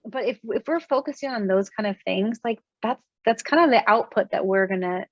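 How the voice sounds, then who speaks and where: A woman's voice: mid-range voice, fairly quick, no echo. A woman in her thirties, a guest author on a podcast, talking in an earnest storytelling way with many fillers. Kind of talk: casual interview chat. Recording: dull, dry sound.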